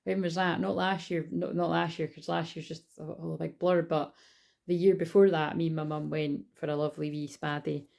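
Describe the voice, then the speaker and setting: Chatty scottish lady reading spirit cards, gravelly voice, kinda mellow and low. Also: little pitch movement, moderate pace. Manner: rambling, chatty, swears casually. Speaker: spiritual card reader. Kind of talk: casual card-reading vlog.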